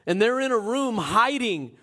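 A man preaching a sermon, telling the story in an animated way that swings from loud to hushed. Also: extremely high pitch, a little slow. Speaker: pastor.

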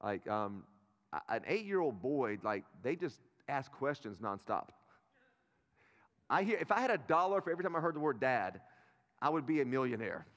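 Male pastor, 30s, animated sermon delivery, mid pitch, long hall reverb. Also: normal speed. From North Carolina, US. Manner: animated, swings from loud bursts to quiet asides. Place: church auditorium.

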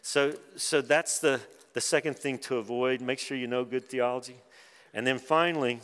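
A man's voice: mid-range voice, steady tone, moderate pace, a bit bright. Preacher man in a reverberant hall. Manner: conversational, wry asides. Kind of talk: conference sermon.

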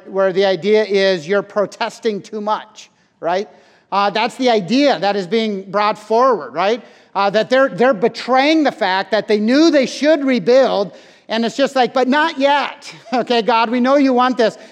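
A high-voiced man delivers an earnest evening sermon, explaining each point patiently and filling pauses with uh and um. His voice carries through a large hall with a long, lingering reverb. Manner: earnest and explanatory, frequent uh and um fillers. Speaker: preacher.

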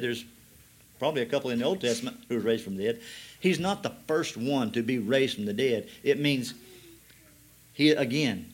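A man preaching a sermon, reading scripture slowly and explaining it with rising emphasis. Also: mid-range voice.

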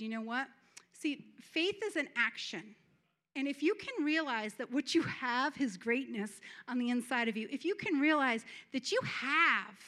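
High-pitched lady preaching with fervor, stumbles over words, laughs a lot. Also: fairly bright tone. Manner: fervent, breaks into laughter, repeats words. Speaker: church speaker. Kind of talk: sermon testimony.

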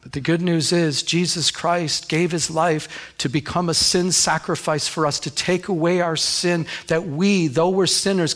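A man preaching a sermon as pastor, telling a personal story and building to fervent, emphatic preaching. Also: a little high.

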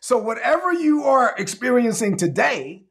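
A man preaching a sermon as pastor, animated and acting out the people he quotes. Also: extremely high pitch, moderate pace, vocal fry.

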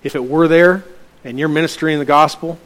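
Middle-aged pastor preaching a story. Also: male voice, fairly even intonation, fairly quick. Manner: storytelling, acting out dialogue with lifted pitch. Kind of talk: sermon.

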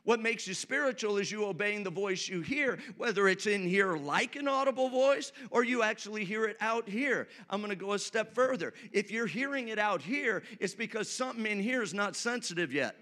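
Male pastor, high bright voice, sermon delivery with call-and-response and humor. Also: animated, moderate pace, few pauses.

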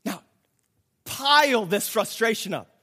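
A man preaching a sermon, reading scripture and explaining it in a slow, dramatic way that builds to emphatic outbursts. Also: sits high, lively intonation, pushed and bright. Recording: long hall reverb.

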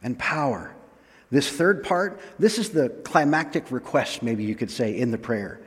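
A man preaching a sermon. He reads scripture slowly, then explains it in a relaxed, chatty way with small laughs. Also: medium pitch, long reverb tail.

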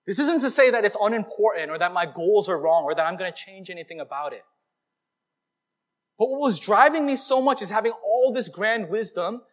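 A male pastor giving a conversational, animated sermon to his congregation. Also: on the high side.

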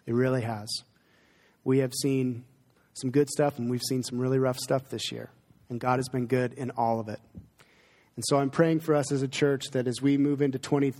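A man's voice: mid-range voice, a little mellow. Earnest man preaching in a reverberant hall. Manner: earnest, conversational, emotional in places. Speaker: pastor. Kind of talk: sermon Q&A with congregation. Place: church sanctuary.

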